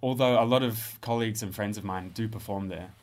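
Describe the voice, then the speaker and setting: A man in his thirties with an Australian accent talks about his music in a relaxed interview. His voice sits a little low, and he weighs his words, pausing and restarting as he thinks. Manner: thoughtful, hesitant, with frequent restarts. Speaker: composer and musician. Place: studio space.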